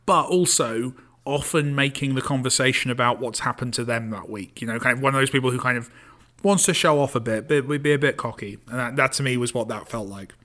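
A man's voice: medium pitch, fairly quick, pushed and bright. A man co-hosting a podcast in casual chat, joking and self-deprecating. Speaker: podcast co-host.

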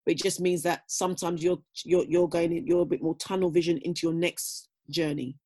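A woman's voice: lowish voice, steady tone, a little fast, mellow, husky. A middle-aged woman talking casually as an interview guest, reflective and full of "you know" fillers. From Britain. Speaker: guest, former athlete.

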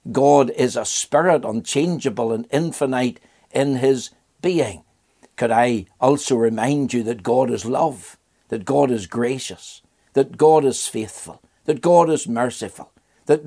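A man's voice: mid-range voice, darkish tone. An older man from Ireland preaching a sermon in an earnest voice, asking rhetorical questions and repeating phrases.

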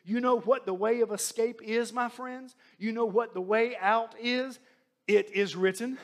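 A man's voice: sits high, fairly even intonation, moderate pace. A man preaching a sermon, delivering a rhythmic repeated refrain and quoting scripture.

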